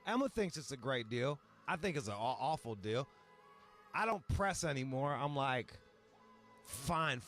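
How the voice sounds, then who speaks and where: A podcast host from Michigan tells a long, profane story in casual chat, packed with asides and acted-out quotes. His mid-range voice is sing-song and fairly bright at a measured pace, with faint music behind.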